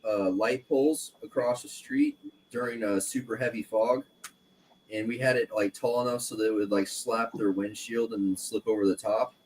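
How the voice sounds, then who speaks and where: Low-voiced man chiming in with stories. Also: fairly even intonation, moderate pace, a little mellow, slight background noise, poor audio. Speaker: podcast co-host. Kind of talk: casual storytelling.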